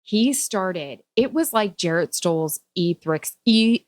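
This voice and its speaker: A woman in her forties co-hosting a podcast, telling stories in casual chat with a slightly nasal, animated delivery. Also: medium pitch, slow pace, no echo, clean studio sound. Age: 40s. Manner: animated storyteller. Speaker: podcast co-host.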